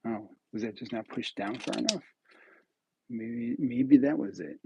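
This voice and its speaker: A man's voice: medium pitch, very animated, unhurried, gravelly, warm tone, slight background noise, poor audio. A man from New York state hosting a live stream, chatting casually with viewers and muttering to himself as he builds. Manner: chats with viewers, muttering to himself between pieces. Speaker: livestream host.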